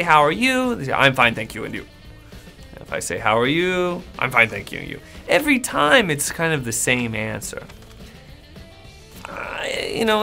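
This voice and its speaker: An American man teaches English in a relaxed, lively way, his pitch leaping up and down as he acts out everyday replies. His voice has a gravelly edge, and soft music plays behind him. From United States. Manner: friendly, animated, acts out sample replies. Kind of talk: casual English lesson to camera.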